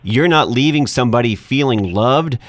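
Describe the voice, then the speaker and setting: A man's voice: mid-range voice, expressive, normal speed, no room sound, studio quality. A man hosting an interview podcast, talking in an encouraging, affirming way with his guest. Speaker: podcast host. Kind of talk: conversational interview.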